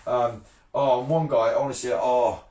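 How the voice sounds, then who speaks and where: A man's voice: medium pitch, fairly even intonation, measured pace, mellow, dull audio, slight background noise. Brash man ranting, roomy echo. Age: 30s. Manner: brash, blunt, swears freely, laughs often. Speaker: fishing channel vlogger. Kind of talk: casual ranting vlog.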